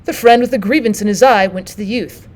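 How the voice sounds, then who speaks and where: A woman teacher reading a classic novel aloud in clear, expressive audiobook narration. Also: mid-range voice, quick pace.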